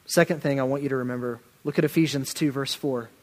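A man's voice: mid-range voice, steady tone. Earnest preacher man in a hall. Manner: earnest, emphatic, slows down to stress key phrases. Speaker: pastor. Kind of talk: sermon. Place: church hall. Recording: reverberant hall.

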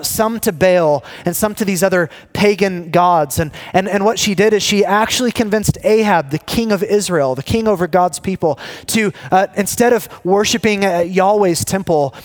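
A man preaching a sermon, telling the story with animated energy, restarting and repeating words, and dropping low and quiet when he reads scripture. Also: normal speed. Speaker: pastor teaching a sermon series.

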